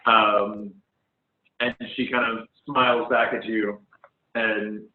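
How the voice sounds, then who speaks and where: A man's voice: lowish voice, little pitch movement, slow pace, a little hiss or hum. A man running a tabletop game as game master, describing scenes in a hesitant way full of ums, over an online voice call. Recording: phone-like online call audio, echoey room.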